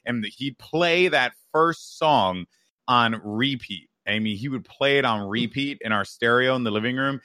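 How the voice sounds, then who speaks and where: A man from New York telling a childhood story on a podcast, animated and profane, tossing in "right?" as he goes. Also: medium pitch, a little slow, no room sound, studio quality. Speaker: podcast co-host. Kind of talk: casual storytelling chat.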